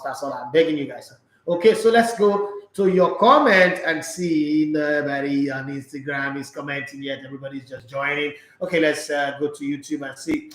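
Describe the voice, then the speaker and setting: A man with a Nigerian accent hosting a sports show, chatting casually with his live viewers in a playful, jokey, talkative way. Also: a little high. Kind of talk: casual live-stream chat reading viewer comments. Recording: echoey room sound.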